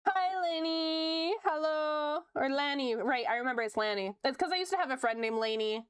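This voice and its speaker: A woman's voice: a little high, animated, brisk, clear, resonant tone. A young woman streamer chatting casually while she draws, reading chat aloud, laughing often and swearing freely.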